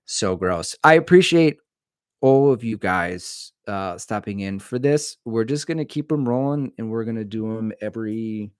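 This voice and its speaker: A middle-aged man hosts a casual livestream, rambling through viewer comments with an easygoing, jokey manner. His voice sits on the low side, and the sound is dry and close with little room around it. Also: clean tone, no echo. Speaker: livestream host answering chat. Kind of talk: casual live-stream chat.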